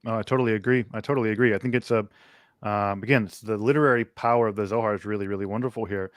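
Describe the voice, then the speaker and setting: Thoughtful low-voiced man, dry sound. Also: fairly even intonation, dry recording. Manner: measured, thoughtful, with many fillers. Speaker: co-host of a text study livestream. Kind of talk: conversational scholarly explanation.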